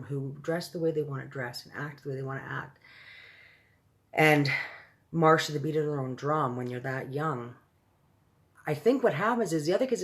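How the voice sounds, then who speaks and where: A middle-aged woman hosting a reading show, talking earnestly to her viewers in a reflective, halting way with frequent restarts. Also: deep voice. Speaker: host of an online reading show. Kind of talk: casual heartfelt chat to viewers.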